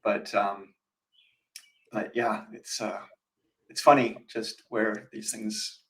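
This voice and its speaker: A man's voice: fairly low pitch, steady tone, slow, a bit bright, rough recording. A man co-hosting a real estate show in casual chat, rambling with fillers and restarts. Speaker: real estate agent, co-host.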